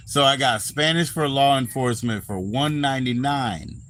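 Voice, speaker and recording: A man in his forties on a casual livestream, rambling and swearing, often trailing off into low mumbles. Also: fairly quick, few pauses, a bit bright, slight background noise. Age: 40s. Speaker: livestream host.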